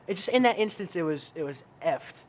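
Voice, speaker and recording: A man co-hosting a casual podcast chat, telling lively stories, acting out his own outbursts and swearing freely. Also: a little high, a little fast. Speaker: podcast co-host.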